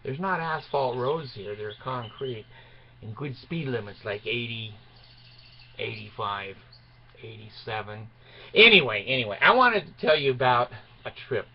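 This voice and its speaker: A man's voice: mid-range voice, slight background noise. Rambling, chuckling man in his sixties. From Utah. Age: 60s. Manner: digressive, chuckling, trails off often. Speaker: storyteller. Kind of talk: rambling personal storytelling. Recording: dull lo-fi recording.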